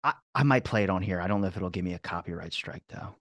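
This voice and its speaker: Fast-talking and low-voiced with a fairly bright tone, a male podcast host swaps stories with lively energy and plenty of profanity in a relaxed chat. The studio recording is clean, without echo.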